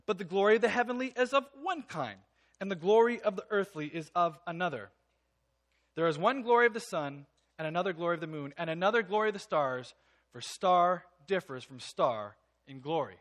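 A man preaching a sermon. He reads scripture aloud, then explains it in an earnest, emphatic way and sometimes drops to a soft, quiet voice. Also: sits high. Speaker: pastor.

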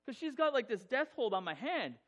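A man's voice: very high voice, a little fast. A man telling a personal story to an audience, humorous and self-mocking, acting out the voices. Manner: animated, acts out voices in his telling.

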